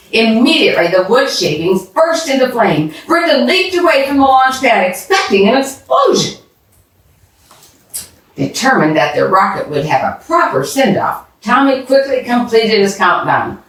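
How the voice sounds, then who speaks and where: A woman telling a children's bedtime story aloud, expressively, pausing to ask the listening children questions. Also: medium pitch. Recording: echoey room, distant mic.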